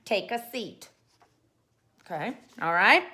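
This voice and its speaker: A woman's voice: medium pitch, animated, takes it slowly, pushed and bright. A woman hosting a comic how-to show, playful and rambling, full of jokey asides. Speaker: host.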